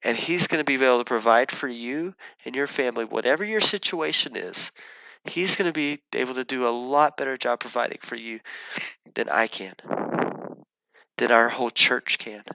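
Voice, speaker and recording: A man's voice: mid-range voice, moderate pace, creaky, sharp tone, no echo, low-quality recording. A man, a pastor, earnestly telling a personal story in his sermon, often restarting his sentences.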